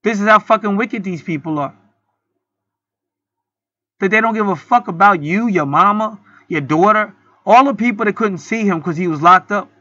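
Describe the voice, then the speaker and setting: A man with a sharp, bright voice delivers an indignant, profane vlog rant. The sound is dry and close, with a dull, lo-fi tone. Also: sits high, moderate pace, no room sound. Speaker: channel host. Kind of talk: heated commentary vlog.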